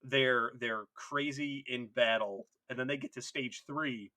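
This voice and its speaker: A man co-hosting a casual comedy podcast, animated and swearing, laughing often as he acts out bits. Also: medium pitch, measured pace. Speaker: podcast co-host.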